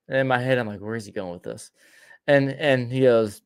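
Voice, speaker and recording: A man's voice: mid-range voice, moderate pace, clean tone. A man co-hosting a podcast, telling a long story in a casual way, often stumbling, repeating words and restarting. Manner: laughs between lines. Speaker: podcast co-host.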